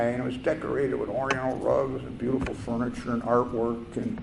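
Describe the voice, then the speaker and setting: An older man telling a personal story at a recovery meeting, halting and reflective, with fillers and restarts. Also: mid-range voice, a little mellow. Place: meeting hall. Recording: echoey room with faint noise.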